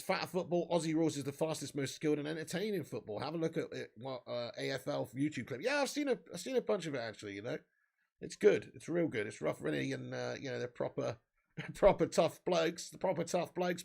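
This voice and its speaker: Gravelly high-voiced man hosting a football watch-along. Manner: banter with chat, swearing, excited bursts on chances.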